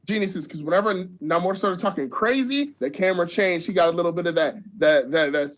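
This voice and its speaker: A young man excitedly retelling a movie on a podcast, acting out the characters' lines and laughing often. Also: sits high, a little fast. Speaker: podcast guest. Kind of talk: excited movie recap chat.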